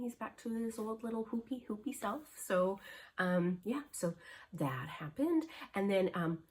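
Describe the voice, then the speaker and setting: A middle-aged woman chatting casually as a cross-stitch vlogger, her voice sitting on the low side. She rambles through stories with plenty of ums and restarts. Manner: rambling, chatty storytelling with many fillers. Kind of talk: casual chat.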